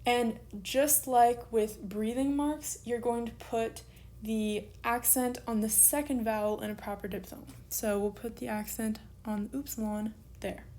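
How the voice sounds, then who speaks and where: Woman, teacher, online lesson, patient, slow spelling of letters, slightly high voice. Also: steady tone, mellow.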